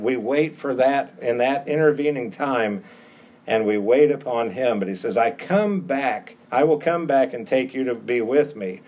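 A man's voice: mid-range voice, a little mellow. A middle-aged male pastor preaching a sermon, emphatic and repeating phrases for stress.

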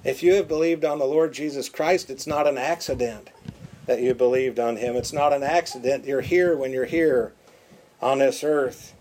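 A man preaching a sermon, emphatic and repeating words for stress, dropping to quiet, drawn-out phrases. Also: mid-range voice, fairly even intonation, slight background noise.

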